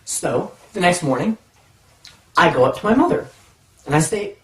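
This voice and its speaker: Animated man telling a funny story, echoey. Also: on the high side, moderate pace, long pauses, soft background music. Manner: animated, self-mocking, acts out voices in his stories. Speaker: storytelling vlogger. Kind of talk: comic personal story time. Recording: echoey room, mic far off.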